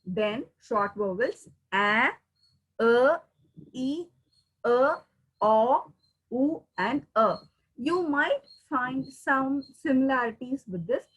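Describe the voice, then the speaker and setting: A woman's voice: fairly high pitch, breathy edge, poor audio. A woman, a teacher giving a recorded pronunciation lesson and repeating words to drill the sounds. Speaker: English teacher.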